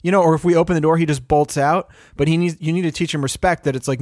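A man's voice: fairly high pitch, fast talker, no room sound, studio quality. A man in casual podcast chat, telling rambling stories full of swearing. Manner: rambling, profane, animated storytelling.

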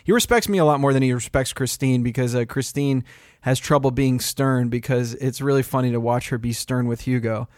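A man's voice: mid-range voice, a little fast, no room sound, studio quality. A man in casual podcast chat, telling rambling stories full of swearing. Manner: rambling, profane, animated storytelling.

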